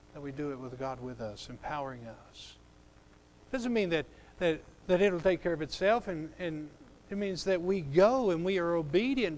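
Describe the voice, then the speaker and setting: A man preaching a sermon as pastor, swinging between loud emphatic lines and hushed, drawn-out phrases, and acting out scripture dialogue in a lowered voice. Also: a little hiss or hum.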